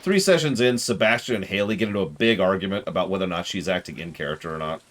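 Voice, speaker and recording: Lively low-voiced male streamer. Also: fast talker, slight background noise. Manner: chatty, jokey, animated. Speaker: game streamer. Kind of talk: casual stream commentary.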